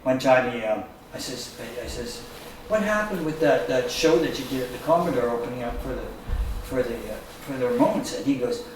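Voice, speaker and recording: A guest musician with a mid-range voice, talking a little fast, shares rock-and-roll anecdotes in a casual chat, acting out the voices of the people in them. The sound is echoey and distant, with background noise.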